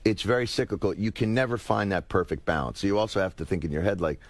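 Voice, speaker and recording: A man in his fifties, a talk show guest, chatting in a wry, rambling, self-deprecating way with quick asides. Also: deep voice, expressive, no room sound. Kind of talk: casual talk show conversation. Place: television studio.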